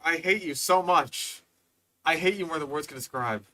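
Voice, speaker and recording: A man's voice: on the high side, normal speed, bright, forceful tone. A man hosting a reaction video, exasperated and swearing, rambling with fillers as he comments.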